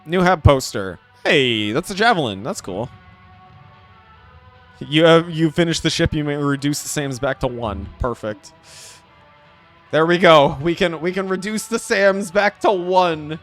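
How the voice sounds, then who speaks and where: A young man streaming a game live, chatting to his viewers in an excitable, playful way. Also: on the high side, unhurried, soft background music. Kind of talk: live game commentary with chat.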